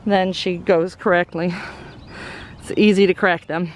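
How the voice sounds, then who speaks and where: A woman's voice: fairly low pitch, steady tone, moderate pace, a little hiss or hum. Chatty woman cooing to her goats. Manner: chatty, coos baby talk to her goats. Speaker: goat farmer and vlogger. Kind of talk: casual farm vlog. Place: goat barn and pen on a farm. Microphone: handheld camera.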